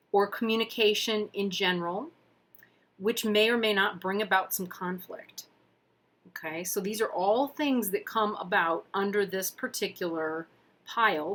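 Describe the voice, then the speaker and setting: Slow-talking woman giving a tarot reading. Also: medium pitch, a bit bright. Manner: chatty, thinks aloud, playful asides. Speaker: tarot reader. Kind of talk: casual explanatory card reading. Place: at a table with camera.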